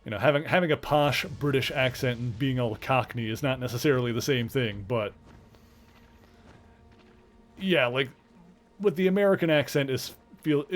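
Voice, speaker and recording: A man with a mild Canadian accent, chatting casually while streaming a game, rambling with lots of fillers and restarts. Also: mid-range voice. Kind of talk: casual chat while gaming.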